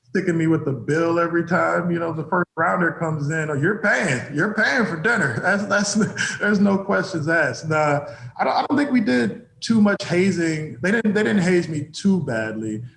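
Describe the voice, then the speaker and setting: A man's voice: a little high, animated, normal speed, vocal fry, echoey room. A former football player telling anecdotes in a casual interview, often laughing as he goes.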